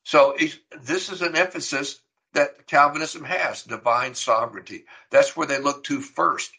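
A man's voice: fairly high pitch, a little slow, sharp tone, poor audio. A middle-aged man preaching a sermon, teaching earnestly and emphatically, with rhetorical questions. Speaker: pastor.

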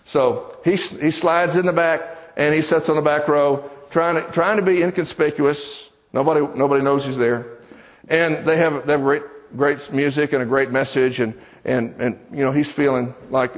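The sermon comes from a Southern American man whose voice is fairly high, with fairly even intonation and normal speed. In church, he spins a folksy, conversational story and throws joking asides to the congregation. The recording is dull, with long hall reverb.

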